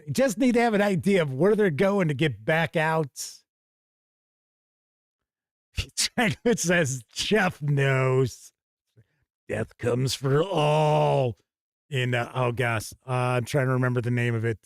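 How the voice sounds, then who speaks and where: A man's voice: mid-range voice, measured pace. A man hosts a live stream in a loose, conversational way. He reads viewer comments aloud and answers them on the spot. His voice sits in a middle register and sounds close and dry, with no room echo. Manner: chatty, reads out chat comments and responds off the cuff. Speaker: host reading viewer chat. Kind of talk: casual livestream chat.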